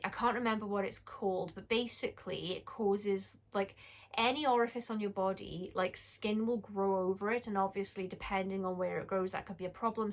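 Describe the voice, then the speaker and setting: A British woman in her forties talks through horror book picks in a chatty, candid way. Her voice sits at an ordinary middle pitch, and she wanders into asides and corrects herself as she goes. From United Kingdom. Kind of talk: casual book-review vlog.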